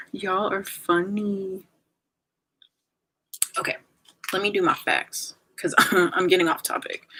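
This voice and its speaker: A woman's voice: fairly low pitch, sharp tone, a little hiss or hum. A woman in her twenties chatting casually on a livestream and reading viewer comments aloud.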